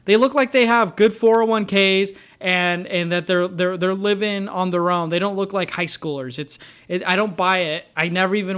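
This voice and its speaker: Young male vlogger reviewing movies, a high voice with a loose, rambling delivery. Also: a bit bright, clear, resonant tone. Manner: rambling, many fillers and restarts. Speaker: film reviewer. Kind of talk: casual movie review vlog.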